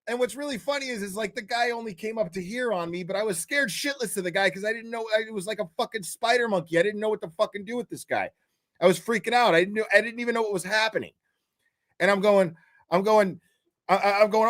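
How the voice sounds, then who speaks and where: A man's voice: fairly high pitch, lively intonation, moderate pace, a bit bright. A man in his fifties telling a story casually, rambling and swearing, often tossing in "right?" to the listener. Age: 50s. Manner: profane, rambling, keeps checking in with "right?".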